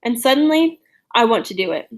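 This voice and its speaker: A woman's voice: a little high, very animated, fairly quick. Woman reading a novel aloud. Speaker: reader of a novel.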